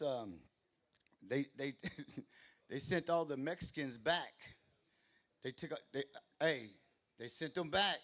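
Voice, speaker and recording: A man doing rambling, profane stand-up at an open mic in a small club, speaking into a stage mic and interrupting himself as he goes. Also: mid-range voice. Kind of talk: stand-up comedy.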